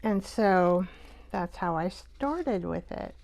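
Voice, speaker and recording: A woman hosting a live art show, chatting and thinking aloud as she works, with soft half-whispered asides. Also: fairly low pitch, expressive, slow, creaky. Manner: chatty, rambling, talks to herself while working.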